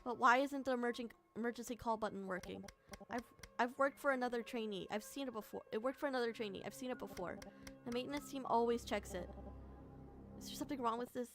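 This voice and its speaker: A woman's voice: on the high side, fast, fairly bright tone, soft background music. A woman streamer reading a story game aloud, mixing narration with emotional reactions and the occasional curse. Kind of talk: reading a visual novel aloud with commentary.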